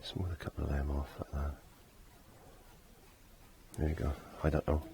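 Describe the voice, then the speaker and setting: A man's voice: a bass voice, little pitch movement, moderate pace, creaky, warm tone, a little hiss or hum. A middle-aged man teaching a casual painting lesson, chatty and laughing at himself, trailing off when he concentrates.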